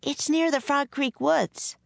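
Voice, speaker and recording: A woman's voice: sits high, slow, creaky, no room sound, voice pushed up, heavily acted. A woman voicing an eager, bold young girl in a storybook reading.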